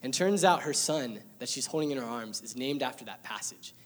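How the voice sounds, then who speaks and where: Brief: young man, church testimony, heartfelt and emotional, mid-pitched, everyday delivery. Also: lively intonation, brisk. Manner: earnest, emotional storytelling with light laughter. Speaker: church member sharing testimony. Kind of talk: personal testimony to a congregation.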